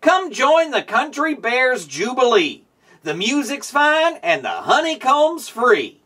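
A man voicing a friendly male bear musician who welcomes a newcomer, in a high, cheery put-on voice for a storybook read-aloud. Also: very animated, takes it slowly, pushed and bright, far from the mic, heavily acted. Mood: welcoming.

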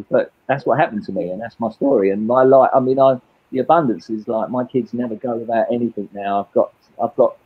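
A Cockney man from England in his fifties, in his late fifties, is a guest candidly telling his own life story. He rambles, often repeating and restarting his words, in a fairly low, slightly rough voice with phone-quality sound.

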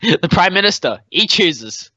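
A man's voice: high voice, big pitch swings, measured pace, bright, forceful tone, dry recording. A young man co-hosting a podcast in casual banter, crude and profane, with jokey outbursts. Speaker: podcast co-host. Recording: dull, lo-fi dry home recording.

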